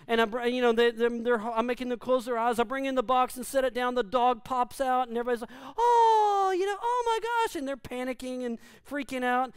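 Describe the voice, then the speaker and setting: A man preaching a humorous sermon, animated and self-deprecating, acting out the quotes in his story. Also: extremely high pitch, clear, resonant tone, no echo. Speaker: pastor.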